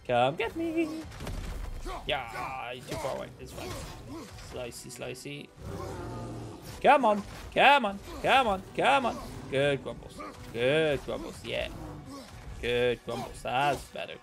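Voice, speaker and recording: A man giving jokey, excitable let's-play commentary, talking back to the characters on screen. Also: medium pitch, slow pace, gravelly. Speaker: gaming commentator. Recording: game music playing behind the voice. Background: game soundtrack music.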